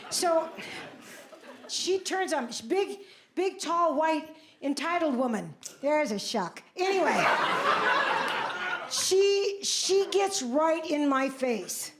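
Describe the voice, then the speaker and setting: On stage at a comedy club, a septuagenarian woman does stand-up, spinning brash, self-deprecating stories punctuated by big exclamations. Her voice sits high and sounds animated, though her pace is slow. The stage mic catches audience noise, with laughter in the background.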